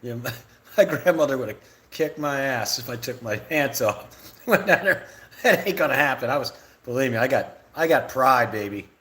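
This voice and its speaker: A man's voice: medium pitch, lively intonation, moderate pace, a bit bright. A middle-aged man on a live stream, ranting with lots of repetition and swearing. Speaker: livestreamer ranting about realtors.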